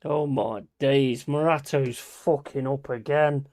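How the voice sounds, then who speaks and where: A man's voice: medium pitch, fairly even intonation, takes it slowly. A man streaming a football watch-along, swearing and ranting at the players and the referee. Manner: shouting in bursts of outrage. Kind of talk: live match watch-along commentary.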